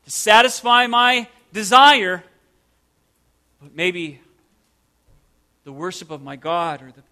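A pastor preaches in a clear, bright, forward-sounding man's voice. He takes his time, leaning hard on single words and putting questions to his listeners. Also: sits high. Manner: emphatic, stressing single words and asking rhetorical questions. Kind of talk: sermon.

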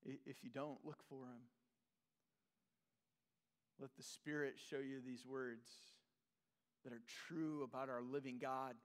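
A man preaching a sermon as pastor, earnest, repeating phrases and dropping to soft, low tones for emphasis. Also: fairly even intonation, a little slow, long pauses. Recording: long reverb of a large hall.

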